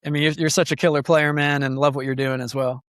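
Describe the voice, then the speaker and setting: A young man chats casually as a podcast guest guitarist. He rambles through his stories with plenty of fillers. His voice sits a little high and sounds dry and close, with no room echo. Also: level tone, fast talker, smooth. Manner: rambling, filler-heavy storytelling.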